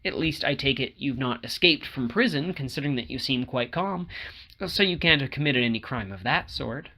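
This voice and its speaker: A man's voice: medium pitch, expressive, normal speed, sharp tone. A man reading an audiobook who voices a curious, teasing young woman lodger in a lifted voice. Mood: lively. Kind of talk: audiobook character voice.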